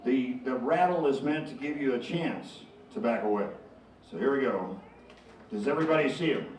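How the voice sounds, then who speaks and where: A man's voice: medium pitch, a little fast, darkish tone, a little hiss or hum. A man doing stand-up comedy while handling a live snake, telling jokes and chuckling at his own punchlines. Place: live show before an audience. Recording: echoey room from far off. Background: audience.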